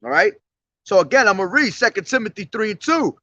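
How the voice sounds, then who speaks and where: A man's voice: sits high, lively intonation, fast talker, pushed and bright, dry recording, highs cut off. A man preaching on the street in a blunt, profane, confrontational way.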